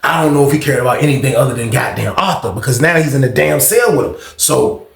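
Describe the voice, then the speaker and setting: A man's voice: medium pitch, fast, gravelly, roomy sound. A man casually telling a prison storytime in slangy, profane speech, hosting his own channel. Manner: slangy, profane, animated retelling.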